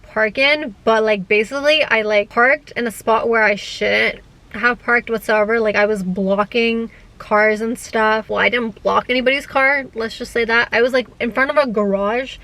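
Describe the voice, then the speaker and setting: A young woman, speaking at a somewhat high pitch. She chats to camera in a loose vlog style, full of "like" fillers. She tells her stories with lively animation. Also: moderate pace, poor audio. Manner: chatty, heavy use of "like" fillers; animated storyteller. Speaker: gig-work vlogger. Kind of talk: casual chat to camera.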